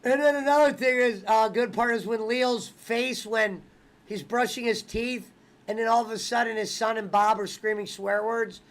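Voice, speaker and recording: High-voiced guy, casual host, excitable, swears constantly, acts out scenes. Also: normal speed. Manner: excitable, swears a lot, keeps acting out movie lines. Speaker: watch-along host. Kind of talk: casual profane chat.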